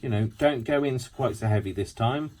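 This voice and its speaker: A man's voice: medium pitch, moderate pace, a little mellow. A man hosting a casual craft demonstration, chatty and rambling, with self-mocking asides. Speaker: craft tutorial host.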